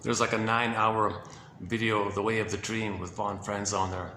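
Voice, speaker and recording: A man casually talking through quotes, meandering and correcting himself as he goes, with soft chuckles. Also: lowish voice, flat delivery, moderate pace. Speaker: host presenting quotes. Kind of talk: casual rambling talk. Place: indoor room. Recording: echoey room with background noise.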